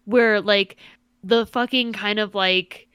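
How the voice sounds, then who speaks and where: Smooth-voiced woman chatting animatedly. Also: medium pitch, takes it slowly, dry recording. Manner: animated, profane, mocks characters in exaggerated voices. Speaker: podcast co-host. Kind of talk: casual chat.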